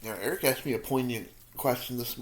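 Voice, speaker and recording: Sometimes talking with his mouth full as the spice kicks in, a thirtysomething man munches hot peppers while answering viewer questions in a rambling, self-deprecating way. His voice is mid-range and fairly quick, and there's a little hiss or hum.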